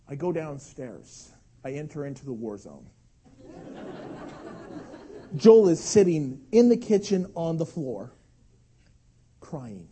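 A man in his thirties delivers a sermon, his high voice swinging widely in pitch as he tells a story. His tone carries a husky edge. He acts out cries and shouts within the story. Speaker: pastor.

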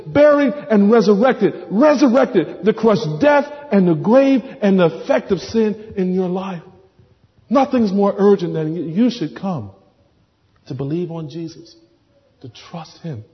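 A man preaches with passion in a fairly high voice, his phrases climbing and then sinking into quiet pleading. The sound is dull and muffled. A long reverb trails behind him, as in a large church. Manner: impassioned preaching, swelling then dropping to hushed pleading. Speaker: pastor. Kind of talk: sermon.

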